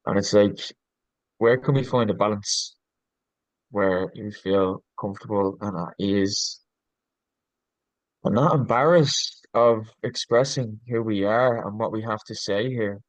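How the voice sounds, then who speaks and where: A man guesting on a podcast talks in a low register, earnest and reflective. He gropes for words, with frequent ums and restarts. The sound is close and dry, with no room around it. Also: measured pace, no room sound, rough recording. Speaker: podcast guest, leadership coach.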